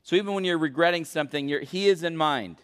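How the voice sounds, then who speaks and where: A man preaching a sermon as pastor, questioning the congregation and swinging between loud emphasis and hushed intensity. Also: fairly high pitch, quick pace, clean tone. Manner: questions the congregation and calls for answers. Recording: long reverb of a large hall.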